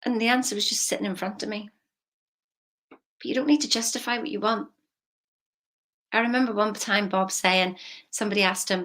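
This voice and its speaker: A woman, a money mindset coach talking casually, emphatic and chatty with soft intimate asides. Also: mid-range voice, steady tone, normal speed, pauses often. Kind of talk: casual motivational vlog.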